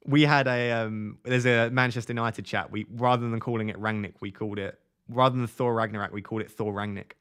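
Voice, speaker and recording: A man's voice: mid-range voice, steady tone, a little fast, fairly bright tone, clean tone. A man in his twenties on a casual live stream, reading viewers' comments aloud and answering them. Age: 20s.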